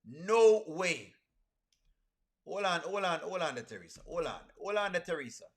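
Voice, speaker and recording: Reacting to a video for his stream chat, a man speaks quickly in a high, bright, forceful voice. He's animated, exclaiming the same things over and over.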